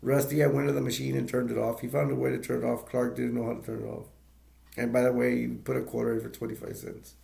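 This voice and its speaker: A man's voice: medium pitch, level tone, quick pace, vocal fry, dark tone. A man casually retelling a movie's plot as a reviewer, rambling with many fillers, restarts and brief laughs.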